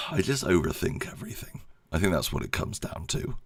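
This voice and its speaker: A man's voice: low voice, sing-song, moderate pace, a bit bright, breathy edge. A man giving a casual channel update, rambling and self-deprecating, laughing often. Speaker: YouTube creator.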